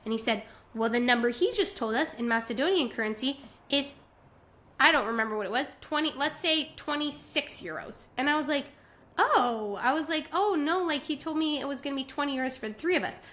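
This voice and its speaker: Animated high-voiced young woman storyteller. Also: a little fast. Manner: animated, acts out voices with big pitch jumps. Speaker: podcast co-host. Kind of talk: casual storytelling chat.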